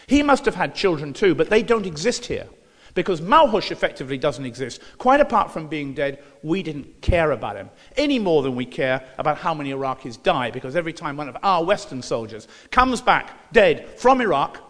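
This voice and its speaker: A man's voice: on the high side, very animated, fairly quick, a bit bright, big-room sound. A man giving a lecture, reading newspaper passages aloud and breaking in with dry, sarcastic asides.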